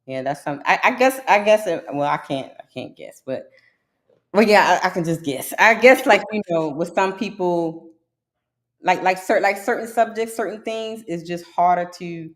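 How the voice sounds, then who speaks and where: A woman hosting a live chat in a fairly low, relaxed voice. She talks loosely, circles back on herself, and breaks into lively stories with exclamations. Her delivery is animated and conversational. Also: normal speed. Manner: animated storyteller, laughs often, exclaims to the Lord. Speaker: live stream host. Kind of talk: casual chat.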